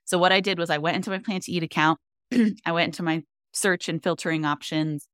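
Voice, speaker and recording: A young woman with a low, smooth, resonant voice, chatting upbeat on a podcast. She tells little stories with plenty of enthusiasm, recorded close and dry. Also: fairly even intonation, fairly quick, a bit bright, dry recording. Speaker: podcast co-host. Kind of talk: casual chat.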